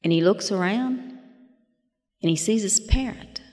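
In a long, reverberant hall, a woman in her fifties recounts her personal story at a recovery meeting. Her mid-range voice is unhurried and a little mellow, and she tells her testimony with folksy, self-deprecating humor and chuckling asides.

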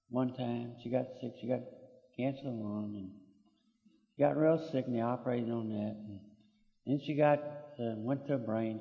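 A man's voice: medium pitch, phone-quality sound. An older man, telling his own story to a group in a folksy, plainspoken way with mild cursing. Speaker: speaker sharing his story. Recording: echoey hall, audience laughter far off.

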